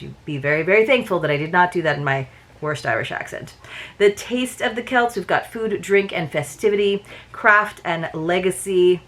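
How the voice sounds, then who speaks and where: Woman doing an unboxing vlog, low-ish voice, casual chatty rambling with lots of uhs. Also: moderate pace, a bit bright. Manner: chatty, with frequent "uh" fillers. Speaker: unboxing channel host.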